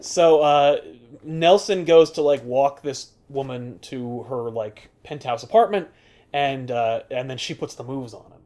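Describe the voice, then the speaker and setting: A man casually recapping a comic book plot on a podcast, animated and sweary, full of filler words. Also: mid-range voice, unhurried. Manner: animated storyteller, swears freely, many filler "likes". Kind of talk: casual chat.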